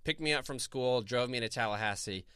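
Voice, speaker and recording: A man's voice: medium pitch, fairly quick, a bit bright, clear, resonant tone, no room sound, clean studio sound. A man in his thirties from Florida, co-hosting a podcast and telling laid-back stories with frequent laughter. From Florida, USA. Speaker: podcast co-host. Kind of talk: casual chat and storytelling.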